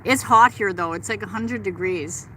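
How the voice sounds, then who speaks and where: Walking through a park with her phone, a middle-aged woman hosts a relaxed livestream, answering viewers with chatty enthusiasm. She speaks at medium pitch and moderate speed in a bright, forceful tone. The recording is low quality, with a slight hiss or hum.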